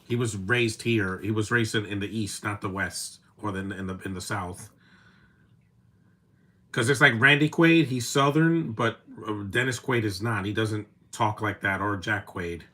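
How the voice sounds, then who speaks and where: A man in his thirties talks over a movie in a relaxed, casual way. His voice sits a little low, and he rambles with opinions, fillers and restarts. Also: moderate pace, few pauses. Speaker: movie commentator. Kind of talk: casual live watch-along commentary.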